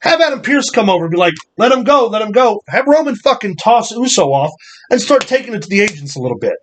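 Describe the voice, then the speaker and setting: A man's voice: sits high, big pitch swings, fast talker, a little hiss or hum. A man co-hosting a casual wrestling review, blunt and opinionated, swearing casually. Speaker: podcast co-host.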